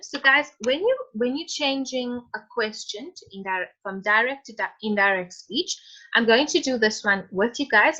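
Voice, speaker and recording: Bright-voiced woman teaching an online class. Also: on the high side, lo-fi sound. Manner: encouraging, calls on students by name. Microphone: video call.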